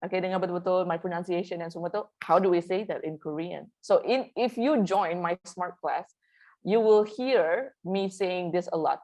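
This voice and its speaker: A woman teaching a live online language lesson, repeating each phrase slowly for students to echo and mixing languages as she explains. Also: fairly low pitch, dark tone, muffled recording. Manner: mixes languages mid-sentence.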